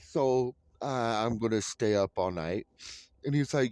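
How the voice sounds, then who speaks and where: A man's voice: mid-range voice, big pitch swings, normal speed, a little mellow. A man vents in a rambling, profane monologue while riding a train. His speech is full of fillers and restarts. The sound is dry and close, with little room echo. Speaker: vlogger. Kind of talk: ranting monologue. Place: on a moving train. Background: train noise.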